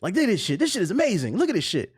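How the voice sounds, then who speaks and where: Animated profane man ranting on stream. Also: high-pitched, very fast, slightly rough. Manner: animated, profane, mocking voices. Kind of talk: casual ranting commentary.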